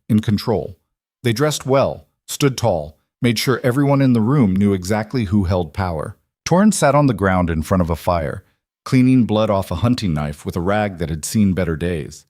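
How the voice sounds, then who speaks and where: Low-voiced man narrating an audiobook. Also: no room sound, studio quality. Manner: even, measured storytelling.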